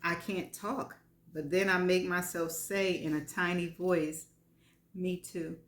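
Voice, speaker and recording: Woman reading a story aloud, low voice, wry and frank, roomy echo. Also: fairly even intonation, a little slow, fairly bright tone. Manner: wry, frank, laughs between lines. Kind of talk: live reading of first-person fiction. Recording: echoey room.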